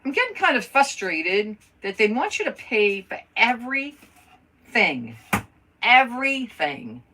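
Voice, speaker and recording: A woman's voice: on the high side, very animated, a little slow, distant mic, background noise. A woman chatting casually on a live crafting stream, thinking aloud as she works and greeting viewers by name.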